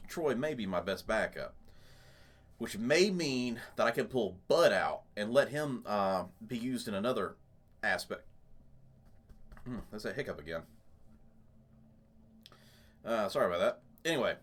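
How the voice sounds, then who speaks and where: A man's voice: on the low side, expressive, a little slow, long pauses. Rambling man narrating his gameplay. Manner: rambling, chatty, lots of fillers. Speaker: gaming channel host. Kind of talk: let's play commentary.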